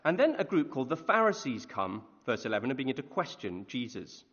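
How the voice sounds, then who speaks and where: A man preaching a conversational sermon, animated, often asking his listeners questions. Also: medium pitch, brisk, slightly rough. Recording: echoey hall, dull lo-fi sound.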